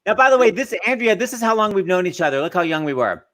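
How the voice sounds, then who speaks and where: A man hosting a show over a video call from home, quick and teasing as he introduces guests. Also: high voice, sing-song, a bit bright. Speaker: show host. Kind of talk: casual video-call chat.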